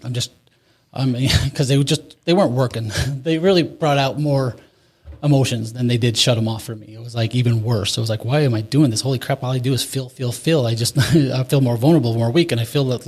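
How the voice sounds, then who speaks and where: A man's voice: medium pitch, a little mellow. A man in his forties, an interview guest, telling a candid recovery story in a rambling way with restarts and nervous laughs.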